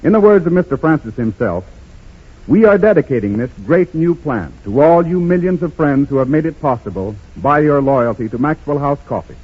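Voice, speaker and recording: A man announcing and reading a sponsor message with smooth, formal delivery on 1930s radio. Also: fairly high pitch, animated, fairly quick. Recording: tinny 1930s radio broadcast with faint music.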